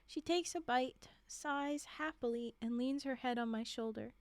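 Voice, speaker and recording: A young woman streamer reading a holiday story aloud, expressive, with chatty asides. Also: sits high, a little slow, hardly any pauses, no room sound.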